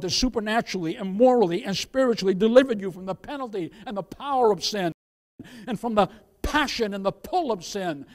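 A male pastor preaching a sermon, calling his listeners "beloved" and swinging from loud emphasis to hushed asides. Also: high voice.

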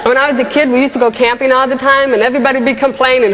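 A woman doing stand-up comedy, telling stories in a lively way and asking the audience questions. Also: high-pitched, rapid-fire, long reverb tail, crowd noise. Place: stage before a live audience. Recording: live stage with audience laughter and noise.

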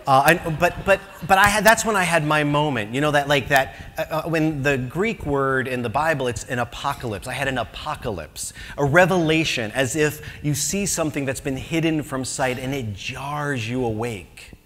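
An American man telling a comic story at a conference, animated and self-mocking, acting out his own panic. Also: mid-range voice, moderate pace, few pauses. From United States. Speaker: conference speaker. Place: conference hall. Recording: echoey hall, faint noise.

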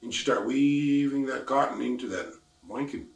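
An elderly storyteller from the Lummi Nation, speaking in a gravelly voice of middle pitch and telling his tale in simple, repeating phrases. The recording is roomy and echoey, with the mic set some distance away. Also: moderate pace. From Lummi Nation, Washington, US. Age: older. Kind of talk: traditional oral storytelling.

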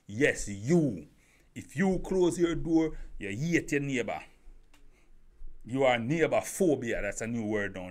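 A man giving an opinion monologue as a YouTube commentator, firing rhetorical questions, repeating himself and stumbling over restarts. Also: mid-range voice.

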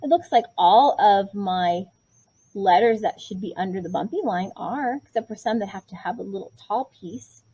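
A woman's voice: mid-range voice, expressive, moderate pace, warm tone, breathy edge, lo-fi sound. A woman teaching kindergarten writing in a patient, encouraging way, sounding out each word step by step. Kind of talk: online writing lesson for young children.

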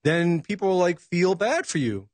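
A man's voice: high-pitched, very animated, unhurried, darkish tone, dry recording. A man speaking as a talk show guest, reflective and hesitant, with many ums and uhs. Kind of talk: casual political talk.

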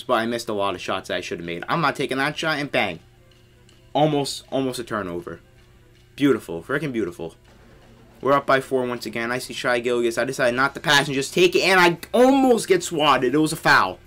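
A young man talks through his basketball video game in a bright, forward voice. He rambles casually and shouts when shots drop, then grumbles when teammates mess up. Faint music plays underneath. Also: mid-range voice. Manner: excitable, yelling on big plays, grumbling at teammates. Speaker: gamer commentating his own play. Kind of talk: casual gameplay commentary.

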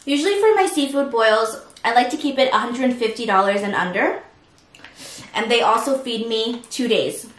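A woman with a slightly high voice chats casually as she eats on camera, talking between bites and laughing often. She sits a little way from the mic in a room with a noticeable echo, and faint noise sits under her voice. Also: animated, moderate pace, far from the mic. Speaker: mukbang host. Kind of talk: casual chat while eating.

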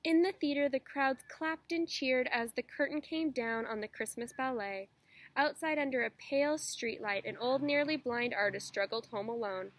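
A teacher reading a children's picture book aloud in a steady, expressive storytelling manner. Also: female voice, high-pitched, normal speed, rough recording.

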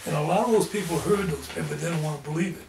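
A man's voice: a little high, very fast, creaky, noisy background. A man and lay preacher telling his experiences in an interview, earnest and fervent. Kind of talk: storytelling in an interview. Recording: echoey room, distant mic, faint ambience.

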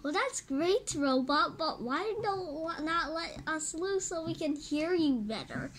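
A woman's voice: sits high, expressive, a little hiss or hum. A woman voicing a brave, impatient male potato superhero who is urgent and bossy. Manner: urgent, bossy, quick to fight.

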